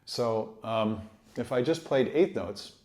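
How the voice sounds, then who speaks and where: Mellow-voiced man teaching trumpet. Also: medium pitch, animated, slow. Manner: easygoing, encouraging, sings rhythms aloud. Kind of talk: relaxed instructional talk. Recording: echoey room.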